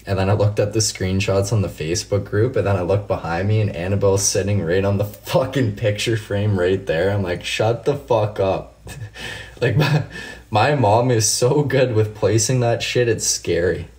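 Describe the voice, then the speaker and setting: Low-voiced man chatting on a live stream. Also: moderate pace, darkish tone. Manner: profane, laid-back storytelling, answers chat by name. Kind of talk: casual live stream chat.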